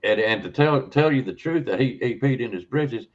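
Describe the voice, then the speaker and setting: A man's voice: medium pitch, lively intonation, moderate pace. A man hosting a podcast who talks in a rambling way, repeating words and checking in with "okay?" as he goes. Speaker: host. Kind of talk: conversational podcast talk. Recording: dull lo-fi audio.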